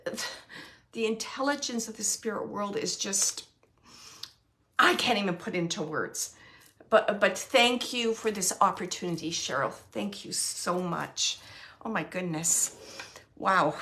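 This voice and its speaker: A woman medium gives a spirit reading to a sitter in an earnest, emotional way. Her voice is bright and forceful, and she speaks slowly and deliberately. She laughs often and sometimes goes soft and hushed. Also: medium pitch. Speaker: psychic medium.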